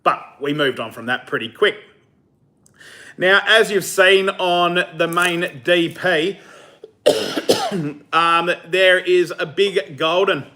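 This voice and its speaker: A man's voice: high-pitched, takes it slowly, pauses often, pushed and bright. A man hosting a fishing channel, chatting casually on a live stream, answering viewer comments with easy laughs. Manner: casual, chatty, laughs easily, many fillers.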